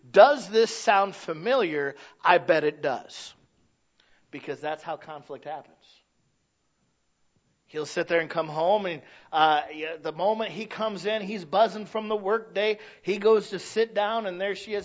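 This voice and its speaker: Male pastor, high voice, conversational sermon, plainspoken, wry humor, slightly dull lo-fi recording. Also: moderate pace.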